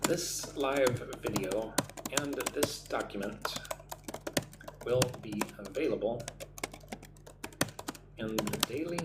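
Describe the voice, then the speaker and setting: A man's voice: mid-range voice, slow pace, long pauses, roomy sound, heavy background noise. A man teaching English on a live stream, reading chat comments aloud and modeling sample interview answers.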